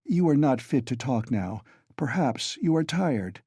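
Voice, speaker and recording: A proud, steady young woman who speaks gently and with restraint, as a male reader voices her. The voice is raised in pitch yet warm and dry. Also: normal speed, no room sound. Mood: restrained. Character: young woman, composed but proud sister.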